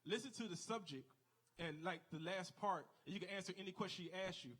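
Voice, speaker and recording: A man performs a stand-up set on a comedy club stage. His voice sits high for a man, and he tells his stories by jumping into the exaggerated voices of the people in them. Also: a little fast, a bit bright, breathy edge. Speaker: stand-up comic.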